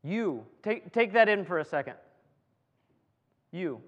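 A man with a high voice preaches at a slow, deliberate pace, stopping to joke with his congregation and repeating words as he drives each point home. His voice rings with a long reverb, as if he is in a large church hall. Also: lively intonation, fairly bright tone, dull audio. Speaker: pastor. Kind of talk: sermon.

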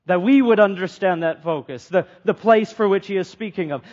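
A man's voice: high voice, brisk, few pauses, a little mellow. A man preaching a sermon in an earnest way, putting questions to the congregation and repeating phrases for emphasis. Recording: dull lo-fi sound.

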